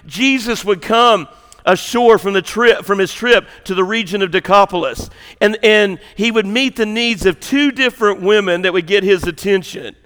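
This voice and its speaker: A man preaching a sermon, swinging from loud to hushed in a folksy way. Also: high voice, normal speed, clean tone, big-room sound. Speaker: pastor. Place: church sanctuary.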